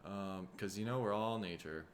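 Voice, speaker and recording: A somewhat low-voiced man talks through a loose, solo podcast monologue. He sounds tired and his throat is rough, and he rambles along in a laid-back, profane way. A faint noise sits under the voice. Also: moderate pace. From Minnesota, USA. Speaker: podcast host.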